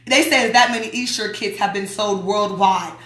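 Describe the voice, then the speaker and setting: A woman's voice: mid-range voice, normal speed, fairly bright tone, reverberant. A woman hosting a radio show, reading a newsletter aloud in a chatty, emphatic way and talking back to her listeners. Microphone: streaming mic.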